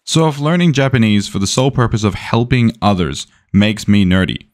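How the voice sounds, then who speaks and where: A man's voice: fairly low pitch, lively intonation, brisk. Argumentative man lecturing a rival. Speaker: commentator. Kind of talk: debate rebuttal.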